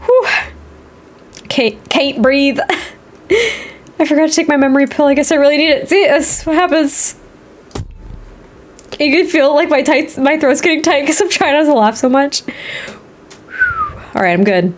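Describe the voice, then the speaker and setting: Thirties woman streamer, higher-pitched, giggly and rambling, casual talk over gameplay. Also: moderate pace, long pauses. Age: 30s. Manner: giggly, rambling, laughs often. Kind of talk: casual livestream chat while playing.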